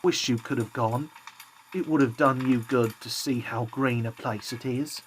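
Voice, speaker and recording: A man voicing a poor, kindly father who speaks gently through his grief. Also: medium pitch, fairly even intonation, a little slow, slight background noise, natural voice. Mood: gentle.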